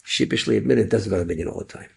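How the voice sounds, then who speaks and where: Gravelly rabbi telling a story animatedly. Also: male voice, fairly low pitch, very fast. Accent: American Yeshivish English with Hebrew and Yiddish words. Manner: animated storytelling, acts out dialogue with rising voice. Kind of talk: inspirational story told to an audience.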